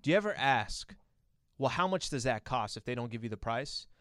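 A man co-hosting a studio radio show, with a smooth, resonant voice in a dry, close sound. He keeps pushing the others with questions. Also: mid-range voice, animated, fairly quick, fairly bright tone, no echo. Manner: steers the talk with questions. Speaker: radio co-host. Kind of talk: casual studio banter.

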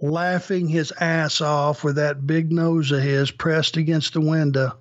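A man as an interview guest, telling an anecdote in a casual, animated way with many restarts. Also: fairly high pitch, unhurried, dull audio. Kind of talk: casual storytelling.

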